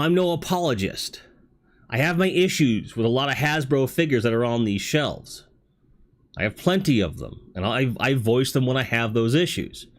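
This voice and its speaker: A man hosting a livestream talk show, speaking candidly in a rambling way and swearing casually. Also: medium pitch. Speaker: host.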